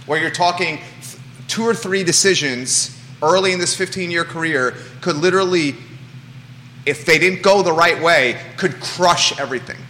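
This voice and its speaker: A man in his forties hosting a live talk show, speaking with emphatic, animated energy. His voice is bright and forceful, and it rings in an echoey room with a long reverb tail. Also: fairly high pitch, moderate pace, slight background noise. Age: 40s. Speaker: host. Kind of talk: casual talk show chat.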